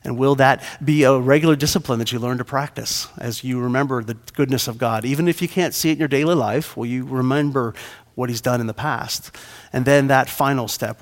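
A man preaching a sermon as pastor, earnest and repeating key phrases for emphasis. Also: medium pitch. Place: church sanctuary. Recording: long hall reverb.

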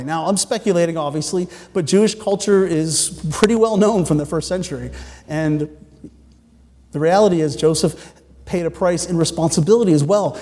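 Casting: male preacher, a touch high-voiced, earnest storyteller with quips, reverberant church room. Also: darkish tone. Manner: earnest, storytelling, with joking asides. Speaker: pastor. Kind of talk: sermon. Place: church sanctuary. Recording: long church-hall reverb.

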